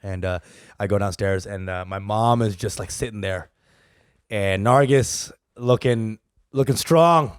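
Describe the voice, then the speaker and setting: A man's voice: on the low side, unhurried, clean tone, no echo, clean studio sound. Young man telling a story, profane. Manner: animated, profane, laughs mid-story. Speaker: podcast co-host. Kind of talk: comedic storytelling.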